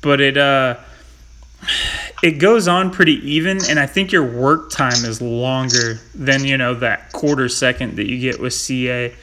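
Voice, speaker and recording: Chatty bright-voiced man from Missouri. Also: mid-range voice, a little slow, a little hiss or hum. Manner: rambling, chatty, full of fillers and laughs. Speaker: podcast host. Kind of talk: casual chat.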